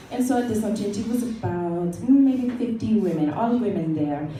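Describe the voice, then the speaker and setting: A woman's voice: on the high side, mellow, a little hiss or hum. A woman comic playing a glamorous older star in a live stand-up act, telling her story in a dry, mock-haughty way. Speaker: comic performing a historical figure. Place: small coffee bar, live show. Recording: roomy live room, mic from far.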